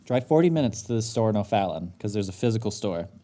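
Low, mellow-voiced man telling a story. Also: fast. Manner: animated, gets worked up, mimics others in his story. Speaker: podcast co-host. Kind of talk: casual storytelling chat.

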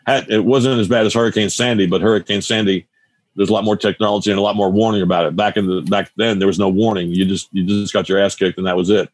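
A man's voice: lowish voice, steady tone, fast talker, no echo. A man in his seventies from New Jersey, a musician telling a loose, rambling story in a casual interview, full of restarts and asides. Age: 70s. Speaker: musician guest.

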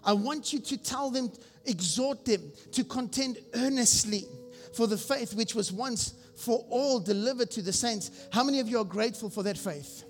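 A senior pastor preaching a sermon, exhorting the congregation and asking them questions. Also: male voice, extremely high pitch, normal speed, hardly any pauses. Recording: long reverb with faint music.

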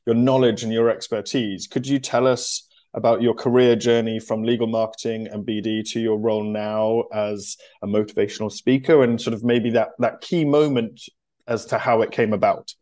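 A man's voice: on the low side, steady tone, moderate pace, darkish tone. A man hosting a podcast interview, polite and welcoming, reading his introduction. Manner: polite, introduces guest from notes. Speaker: podcast host.

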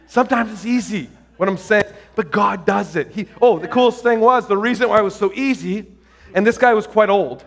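A male pastor preaching a sermon, telling stories with excitement and lots of restarts and fillers. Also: high voice, fast talker.

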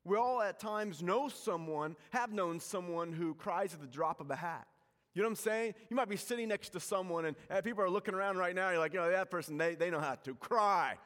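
A pastor giving a sermon in a church, telling stories with self-mocking humor, shifting from loud to hushed. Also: male voice, high voice, fairly quick, long reverb tail. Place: church sanctuary.

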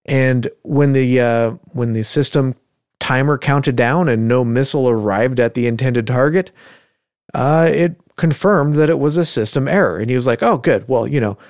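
A man's voice: mid-range voice, normal speed, a little mellow, dry recording, clean studio sound. A man hosting a podcast, telling a story in casual chat with joking asides and frequent chuckles. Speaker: podcast host.

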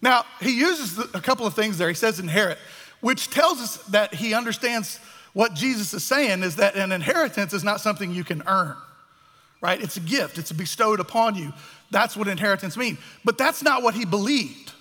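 A man preaches a sermon, his voice high and bright. He talks animatedly and slips into the voices of the people in his story. The sound carries the long echo of a hall. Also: normal speed. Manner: animated, acts out voices of biblical figures. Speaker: pastor. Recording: echoey hall.

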